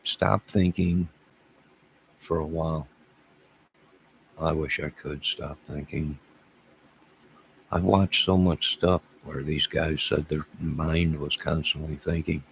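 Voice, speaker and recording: Gravelly, deep-voiced rambling man. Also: fairly even intonation, slow, pauses often, a little hiss or hum, rough recording. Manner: rambling, self-deprecating, chuckling. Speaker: livestream host. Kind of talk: casual livestream chat answering viewers.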